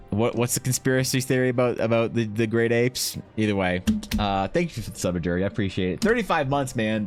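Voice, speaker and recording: Laid-back low-voiced Canadian streamer. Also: male voice. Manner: rambling, loose and profane, reads chat aloud. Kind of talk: casual chat while drawing.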